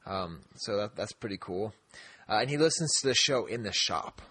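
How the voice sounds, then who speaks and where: Man, podcast co-host, casual chat, husky breathy voice, dry close sound, rambling and laughing. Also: lowish voice, lively intonation, normal speed, sharp tone, no room sound. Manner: rambling, laughs often, many restarts.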